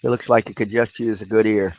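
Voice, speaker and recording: A man with a raspy voice from a cough, chatting casually to viewers on a live stream while he works on glass pieces. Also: lowish voice, fairly even intonation, quick pace, darkish tone, highs cut off, a little hiss or hum. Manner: rambling, talks to viewers while working.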